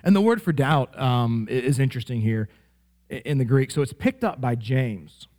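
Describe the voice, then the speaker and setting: A man preaching a sermon as pastor, conversational and animated, with frequent "right?" asides that check in with the congregation. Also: mid-range voice, moderate pace. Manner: animated, rising sharply in playful examples.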